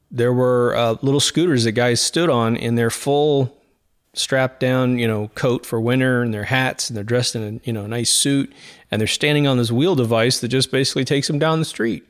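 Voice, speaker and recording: Rambling middle-aged man hosting a podcast. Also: medium pitch. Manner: rambling, conversational, frequent asides. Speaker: podcast host. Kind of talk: casual monologue.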